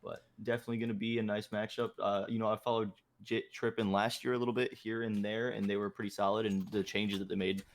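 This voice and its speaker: A lower-pitched male color commentator on a live esports stream. He speaks loosely and casually, peppering his analysis with fillers. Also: level tone, fast talker, few pauses. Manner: casual, filler-heavy with frequent "uh, you know".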